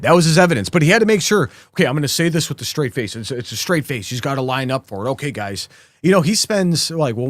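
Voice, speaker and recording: A man's voice: a little high, dry recording. A man hosting a live political commentary show, talking sarcastically and mockingly to his viewers.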